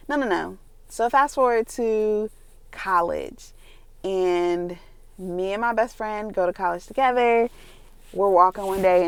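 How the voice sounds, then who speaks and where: Young woman, mid-pitched, casual planner vlogger; animated storyteller who voices the people she quotes and drifts into soft whispers. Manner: animated, acts out family voices in quoted dialogue; drops to a soft, near-whispered voice at times.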